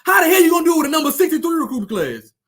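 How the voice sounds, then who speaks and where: High-pitched, fiery ranting man. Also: sing-song, very fast. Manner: fiery, repetitive, profane, taunting. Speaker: sports commentator with his own channel. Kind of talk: heated sports rant to viewers.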